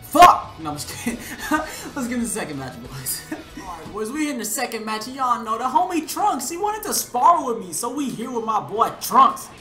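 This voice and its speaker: A woman's voice: a little high, big pitch swings, moderate pace, a bit bright, faint music behind. A young woman hosting a gaming channel, giving hyped, slangy live commentary on her matches and calling out opponents. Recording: roomy room sound.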